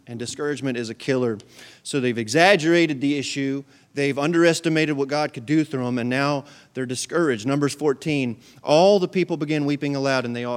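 A male pastor delivering a sermon, preaching emphatically with repeated phrases and big swings in volume. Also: mid-range voice.

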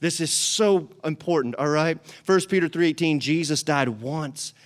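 A man's voice: a little high, moderate pace. A male pastor, preaching a sermon in a church. He repeats phrases for emphasis and calls the congregation to respond. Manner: preaching with rising emphasis and repetition. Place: church sanctuary.

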